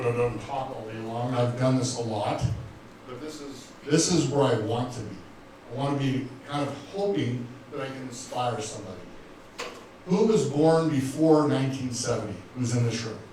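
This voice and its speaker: A man's voice: medium pitch, background noise. Earnest older man in an echoey room. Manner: earnest, repetitive, emotional, addresses the crowd directly. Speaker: speaker at a business event. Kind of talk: motivational talk to a live audience. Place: event room with audience. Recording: very echoey room, voice from far off, faint ambience.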